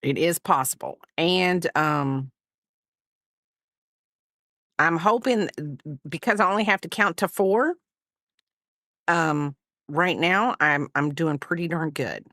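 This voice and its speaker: A woman rambles and chats through a casual crafting livestream at home, often apologizing for herself. Her low-pitched voice is expressive and fairly bright, slow-moving with long pauses. It's a clean studio recording with no echo.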